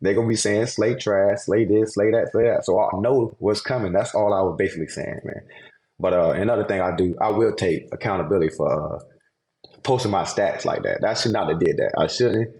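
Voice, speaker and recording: A pro football player talking casually on a podcast, laid-back and rambling with frequent fillers. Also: male voice, low-pitched, a little fast, echoey room. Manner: laid-back, rambling, drops into a softer apologetic tone.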